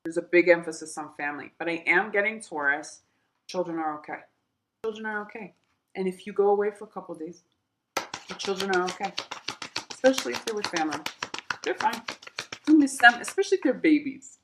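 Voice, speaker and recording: A woman's voice: on the low side, a little fast, long pauses, noisy background. A woman giving a tarot reading, chatty and reassuring, talking straight to her viewers with emphatic repeats. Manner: animated, with laughs and emphatic repeats. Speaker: tarot reader.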